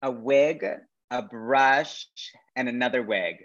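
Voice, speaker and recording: A drag performer man from Madison, Wisconsin, sits in for a loose interview, talking in a campy, gushing way and tossing out playful slang. His pitch sits in an ordinary middle range for a man, and he often trails off as he gets carried away. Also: slow, a bit bright, muffled recording. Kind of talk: casual interview chat.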